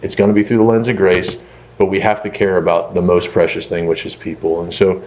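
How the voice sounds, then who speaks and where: A man, a pastor, telling a story in a conversational lecture, animated and full of fillers like "like" and "you know". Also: low voice, a little fast, a little hiss or hum. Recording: echoey room, dull lo-fi sound.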